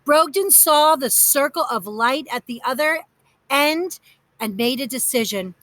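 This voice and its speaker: Woman reading a kids story aloud, high bright voice, dry close recording. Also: unhurried, dry recording. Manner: lively, expressive. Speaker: narrator. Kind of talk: storybook narration.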